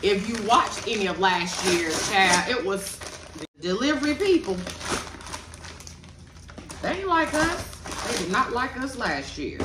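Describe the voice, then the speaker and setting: A woman's voice: medium pitch, expressive, normal speed. A woman, chatting casually with her viewers as she unboxes gifts. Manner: chatty, addresses viewers as y'all and child. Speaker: vlogger. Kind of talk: casual chat while unboxing. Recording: echoey room, mic at a distance, background noise.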